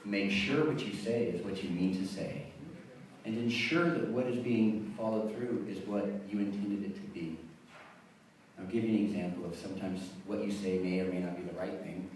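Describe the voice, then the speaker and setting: At a wedding reception, a middle-aged man delivers a rambling, self-deprecating toast as father of the bride. His deep, darkish voice comes at a normal pace, picked up by a distant mic in an echoey hall with a little hiss or hum.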